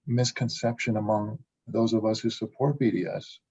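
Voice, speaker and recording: A polite man interviews a guest over a video call, pausing often with fillers. His voice is low and slightly husky, and the call audio is dull and muffled. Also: fairly even intonation, darkish tone. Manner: hesitant, polite, many fillers. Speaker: student representative. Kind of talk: interviewer, casual.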